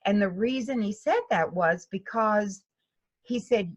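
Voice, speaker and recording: A woman's voice: mid-range voice, unhurried. A woman golf instructor talking in an interview, telling stories and acting out her students' voices. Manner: animated storytelling, acts out students' voices. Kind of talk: interview conversation.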